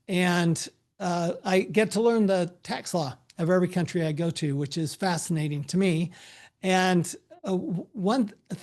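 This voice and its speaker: A middle-aged American tax advisor with a high-pitched voice gives a relaxed presentation over a video call. He fills it with anecdotes and frequently restarts his sentences.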